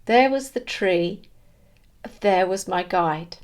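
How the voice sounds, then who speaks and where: A woman giving an earnest, emotional spiritual monologue, halting and restarting as she searches for words. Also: mid-range voice. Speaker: spiritual vlogger.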